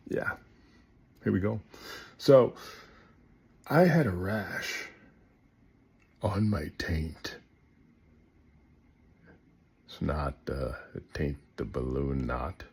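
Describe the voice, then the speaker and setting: Man, comic storyteller, husky, very low voice, animated delivery. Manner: animated, swings between loud bursts and hushed asides. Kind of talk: comedic storytelling to camera.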